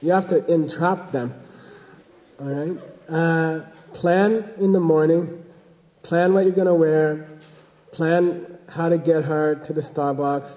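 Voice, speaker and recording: A man's voice: a little high, fairly even intonation, slow, long reverb tail, muffled recording. A man giving an informal dharma talk as a Buddhist teacher, rambling and joking and often checking in with his listeners.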